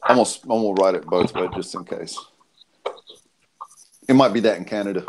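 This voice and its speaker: A man's voice: sits low, a little fast, background noise. A man chatting casually on a group stream, swearing freely and telling stories with energy. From United States. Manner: crude, swears freely, animated storytelling.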